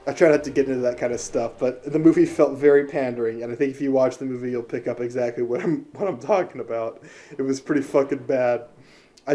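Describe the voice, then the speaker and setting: Profane, mellow-voiced ranting man. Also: medium pitch. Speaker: movie reviewer. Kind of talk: ranting movie review.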